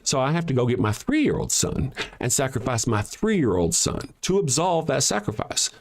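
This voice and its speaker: A man hosting a show, delivering a mocking, sarcastic monologue that swings between loud jabs and quiet asides. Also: mid-range voice, big pitch swings, moderate pace, background noise. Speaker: show host. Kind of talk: ranting monologue.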